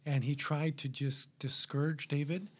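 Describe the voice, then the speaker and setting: A man's voice: a little high, fairly even intonation, normal speed, slightly rough. Man recapping a guest's story. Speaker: interviewer. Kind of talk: conversational interview.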